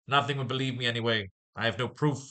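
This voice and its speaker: A man's voice: mid-range voice, steady tone, fast, pushed and bright, close to an everyday voice. A man reading aloud the lines of an elderly, absent-minded male professor from a comic book. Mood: puzzled.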